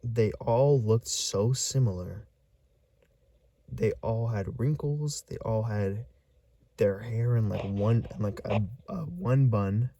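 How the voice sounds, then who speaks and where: A man telling a creepy story in a casual vlog, rambling and halting with lots of fillers as he hunts for words. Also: fairly low pitch, mellow. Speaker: vlogger.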